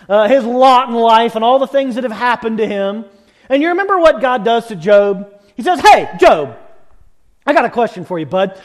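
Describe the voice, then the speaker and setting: High-voiced man preaching with emphatic passion. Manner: impassioned, emphatic preaching with sudden loud bursts. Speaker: pastor. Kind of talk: sermon.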